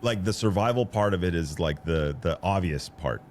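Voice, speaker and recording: A low-voiced man chats casually about rally logistics. He talks in a halting, rambling way, restarting phrases again and again. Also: slight background noise. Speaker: host and rally support coordinator. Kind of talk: casual conversation.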